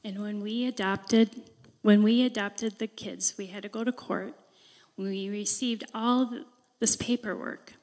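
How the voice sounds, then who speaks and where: A woman reading scripture and sharing a personal story in an earnest, deliberate devotional talk. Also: mid-range voice, fairly even intonation, darkish tone, in a large hall. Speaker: devotional speaker.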